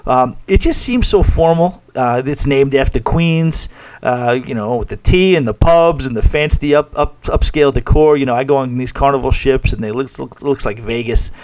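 Mid-range and a little mellow, this podcast host speaks at a moderate pace over dull-sounding audio. He's from New York City, carries the local accent, and keeps his interview chat casual and self-deprecating with plenty of restarts.

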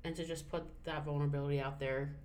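A woman co-hosting a casual podcast, open-hearted and quick to laugh or get emotional. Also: low-pitched, little pitch movement, a little mellow, a little hiss or hum. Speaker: podcast co-host. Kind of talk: casual chat.

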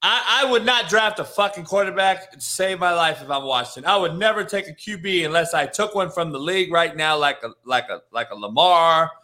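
A man's voice: fairly high pitch, fairly quick, few pauses, sharp tone. A man co-hosting a casual sports talk show as a coach, giving blunt, profane takes.

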